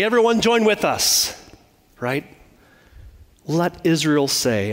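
Male pastor, slightly high voice, measured sermon delivery with repeated phrases, long church reverb.

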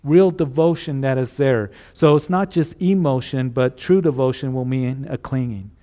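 A man preaching a sermon, earnest and steady, repeating key phrases and dropping to a hush on solemn lines. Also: medium pitch, normal speed. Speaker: pastor.

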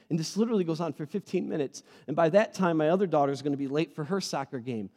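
A man's voice: fairly high pitch, fast talker. Earnest male pastor in a reverberant hall. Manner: earnest, swings from loud emphatic to soft. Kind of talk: sermon.

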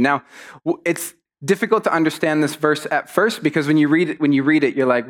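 Guy preaching casually, telling stories, voice sits a bit high, lots of life in it. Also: fairly quick. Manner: storytelling, animated, acts out quotes. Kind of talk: conversational sermon.

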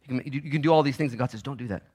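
A man in his forties preaching from the pulpit. He is animated, climbs to loud urgent peaks, then drops to quiet asides, and often restarts his sentences. His pitch sits in the middle for a man. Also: very fast, breathy edge. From Oregon, United States. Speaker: pastor. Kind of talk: sermon. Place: church.

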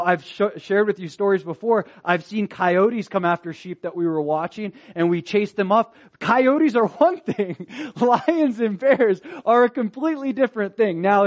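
Male pastor, high voice, emphatic sermon delivery, slightly dull lo-fi recording. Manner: animated and emphatic, swinging from loud to quiet.

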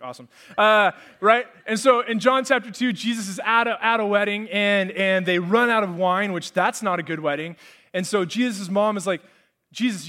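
A man preaching a lively, joking sermon to a congregation in a church. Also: high-pitched. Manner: energetic, joking, conversational. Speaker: pastor. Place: church sanctuary with live congregation.

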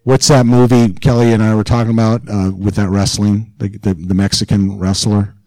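A man's voice: on the low side, little pitch movement, moderate pace, a little mellow, no echo, poor audio. A man pastor giving a sermon in an informal, chatty way, growing more intense as he presses a point. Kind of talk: conversational sermon.

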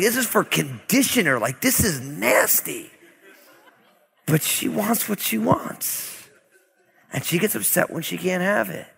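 A man in his thirties preaching a sermon as pastor, conversational and animated, telling family stories with asides. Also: on the high side, gravelly. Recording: long reverb of a large hall.

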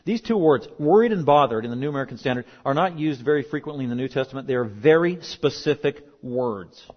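A man's voice: medium pitch, animated, quick pace. A middle-aged male pastor giving a sermon in an emphatic, conversational way, with joking asides. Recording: dull lo-fi recording.

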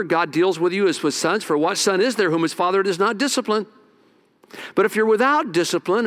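A man, a pastor, preaching a sermon with dramatic swings between loud exhortation and quiet asides. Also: a little high.

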